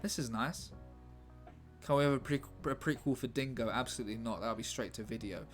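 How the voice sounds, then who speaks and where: Talking fairly quickly in a medium-pitched voice, a man chats casually on a live stream while he writes a script. He rambles and jokes, reading chat aloud, with faint music in the background.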